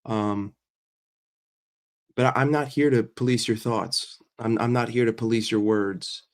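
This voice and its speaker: A man's voice: mid-range voice, steady tone, measured pace, slight background noise. A man hosting a casual livestream while sick and congested, chatting with viewers, greeting them by name and often repeating himself. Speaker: livestream host.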